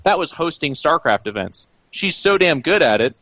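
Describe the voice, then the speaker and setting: A man's voice: a little high, very animated, moderate pace, a bit bright, dry recording, lo-fi sound. A man co-hosting an esports podcast, making his case in long, opinionated runs. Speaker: podcast co-host. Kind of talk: casual esports podcast chat.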